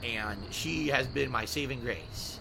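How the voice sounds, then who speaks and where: Medium in pitch and a little slow, with vocal fry, this man's voice carries over background noise. He's wrapping up a live-stream podcast from his home, reading viewers' messages and signing off in an emotional, almost tearful way, casually swearing and using filler words.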